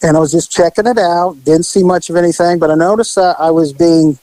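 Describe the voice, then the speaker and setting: A man's voice: on the high side, steady tone, brisk, dark tone, no room sound, poor audio. A man telling a story in a casual, wry, laid-back way as a podcast co-host.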